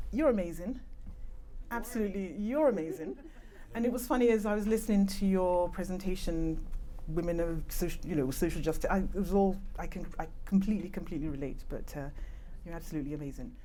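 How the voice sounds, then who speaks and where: Born in Nigeria and raised in Britain, a woman with a British accent gives an earnest conference presentation in a low, dark voice at a moderate pace. Speaking into a handheld or clip-on microphone in a conference room, she makes chatty asides about it.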